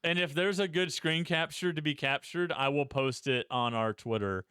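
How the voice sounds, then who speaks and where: A man with a smooth, resonant voice chats casually as a podcast co-host, often laughing at his own expense. His voice sits a bit high for a man, and the recording is close and dry. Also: normal speed, sharp tone, no echo. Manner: laughs often, self-mocking. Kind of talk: casual chat.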